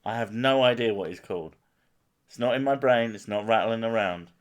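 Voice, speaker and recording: A man's voice: on the low side, a little fast, muffled recording. A young man hosting a stream, chatting casually with a co-host in jokey, sweary banter and laughing often.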